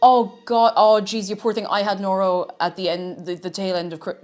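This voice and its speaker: A woman's voice: medium pitch, level tone, normal speed, darkish tone. An Irish woman streaming casually while she cooks, answering her viewers and talking between bites of food. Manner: chatty, reads viewer messages aloud and answers them; talks while snacking, sometimes with a full mouth. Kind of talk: casual cooking livestream chat.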